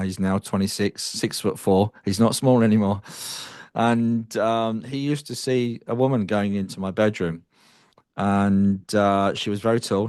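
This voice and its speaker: A middle-aged man from the UK, a guest telling his story in an interview, reflective and halting, with sighs and restarts. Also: on the low side, a little mellow, dry recording, clean studio sound. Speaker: guest psychic medium.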